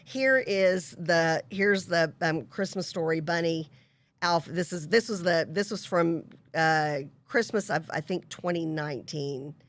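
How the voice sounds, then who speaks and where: Chatty woman host, lower voice. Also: a little slow. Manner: chatty, laughing often, animated storytelling. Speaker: show host. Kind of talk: casual chat.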